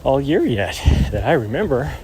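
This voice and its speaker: A man's voice: mid-range voice, very animated, normal speed. Rambling man vlogging on a windy trail. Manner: chatty, rambling, self-correcting. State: out of breath at times. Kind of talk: casual vlog while hiking. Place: outdoors on a windy mountain trail. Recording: loud wind and outdoor noise. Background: wind, distant vehicle.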